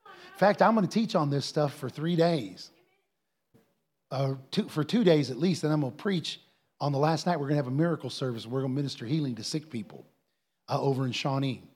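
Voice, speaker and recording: A man's voice: mid-range voice, a little fast, darkish tone, breathy edge. A man, a pastor preaching and answering a question, telling stories earnestly and building to emphatic peaks.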